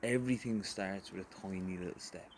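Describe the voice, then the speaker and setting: Encouraging male podcast host, lowish voice. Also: brisk, a little hiss or hum. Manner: encouraging, conversational, gives everyday examples. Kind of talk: casual chat.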